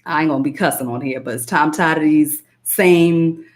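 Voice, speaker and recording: A woman's voice: low voice, fairly quick. A woman giving emphatic spiritual self-help advice on a live stream, repeating phrases and greeting viewers by name. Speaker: spiritual coach and hypnotist.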